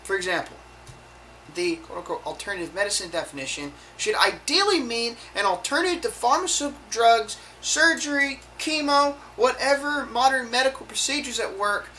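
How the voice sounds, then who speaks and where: A video blogger delivers a heated, profane rant to the camera in a bright, forceful, animated voice on the high side. She keeps stumbling and restarting her sentences, and the low-quality recording carries a little hiss or hum.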